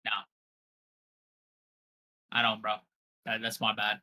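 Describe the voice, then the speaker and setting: A man's voice: on the low side, completely flat delivery, takes it slowly, bright, forceful tone. A young man co-hosting a podcast, chatting casually with viewers and trash-talking in brash, profane banter. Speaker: podcast co-host. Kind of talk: casual livestream chat.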